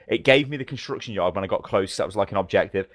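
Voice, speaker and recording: Man, podcast co-host, rapid talk, dry close sound, animated and sweary. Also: fairly low pitch, no room sound. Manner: fast, animated storytelling, swears freely. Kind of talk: casual gaming chat.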